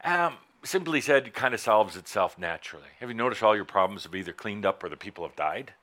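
A man giving a live spiritual talk to an audience, teasing and playful, swinging between loud bursts and soft, slow asides. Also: fairly low pitch, lively intonation. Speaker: spiritual teacher.

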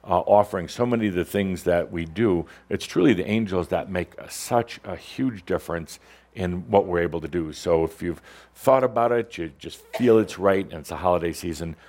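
Easygoing middle-aged male host, low voice. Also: moderate pace, a little mellow. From Wisconsin. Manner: easygoing, joking, many fillers. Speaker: show host. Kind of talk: casual hosted announcements.

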